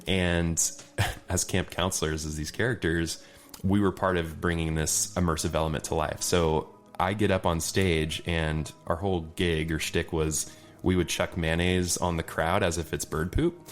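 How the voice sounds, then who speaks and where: A man, a podcast guest, telling casual anecdotes in an animated way and often laughing between them. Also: low voice, normal speed, faint music behind. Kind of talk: casual storytelling chat.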